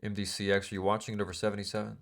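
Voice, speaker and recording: A man's voice: fairly low pitch, completely flat delivery, very fast, creaky. A man teaching a live trading class in a casual, emphatic way, repeating phrases and asking the class questions. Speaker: trading instructor.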